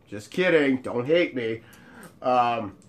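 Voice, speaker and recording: Man, casual storyteller, animated, jokey, swears freely, mid-pitched voice. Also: extremely slow. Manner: animated and joking, with frequent profanity. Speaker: show host telling bar stories.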